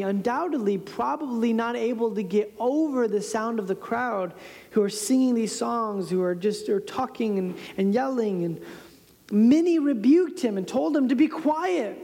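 A woman preacher telling a scripture story in a sermon, with dramatic shifts between loud and hushed delivery. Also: a little high, moderate pace, gravelly. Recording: long reverb in a large hall.

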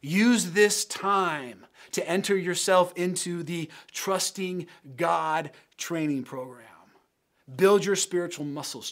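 Earnest preaching man, slightly high voice. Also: measured pace, fairly bright tone. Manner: earnest, emphatic preaching with repeated phrases. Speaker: pastor. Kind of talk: sermon closing in prayer.

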